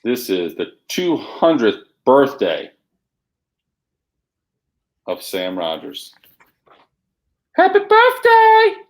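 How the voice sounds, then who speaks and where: A man co-hosting a live shopping show, pitching comic books with hyped, emphatic salesman patter. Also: sing-song, extremely slow, pauses often. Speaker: co-host selling comics.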